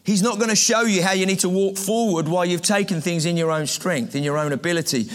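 A man's voice: sits high, fast talker. A man preaching a sermon to a live audience in a conversational way, repeating phrases and asking the room questions.

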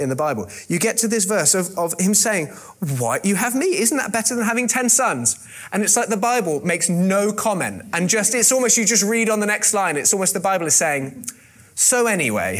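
A man's voice: sits high, fairly bright tone. A man preaching a sermon, retelling a scripture story with wry joking asides and frequent fillers and restarts.

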